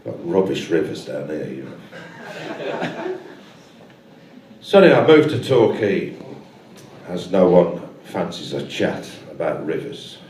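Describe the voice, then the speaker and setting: A man's voice: deep voice, sing-song, slow pace, pauses often, a little mellow, slight background noise. A male stand-up comedian doing a live set, telling a rambling story with dry asides. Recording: echoey live room from far off.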